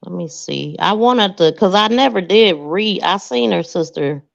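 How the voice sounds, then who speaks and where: A woman hosting a crime podcast, soft-spoken and hesitant, with many fillers. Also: on the low side, lively intonation, measured pace, gravelly. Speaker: podcast host. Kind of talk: casual crime podcast discussion. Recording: dull lo-fi dry sound.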